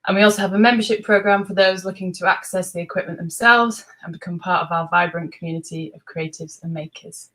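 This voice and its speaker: Woman host, measured scripted intro over a video call. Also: on the low side, fairly even intonation, a bit bright, rough recording. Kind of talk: hosting an online talk.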